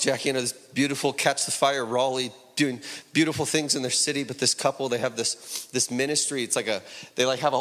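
A man's voice: medium pitch, a bit bright, long reverb tail. A man preaching a sermon, telling a story loosely with many fillers and then building to fervent, rising exhortation.

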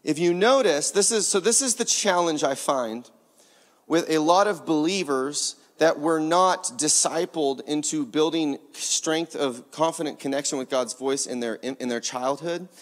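A man preaching a sermon in an animated, conversational way, often laughing as he speaks. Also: on the high side, unhurried, in a large hall.

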